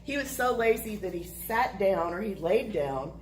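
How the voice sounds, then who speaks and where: A woman telling a personal story to listeners, animated and laughing through the funny parts. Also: medium pitch, moderate pace, very noisy.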